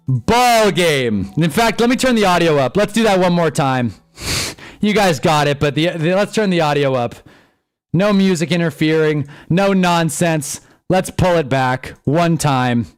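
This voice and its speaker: A young man hosting a live stream, commenting on a football game as he watches, swinging from glum muttering to excited shouting. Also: fairly high pitch, a little slow, clean tone.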